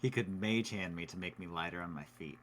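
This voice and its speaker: Male player, mid pitch, relaxed joking; slight background hiss. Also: fast. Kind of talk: casual chat at a game table.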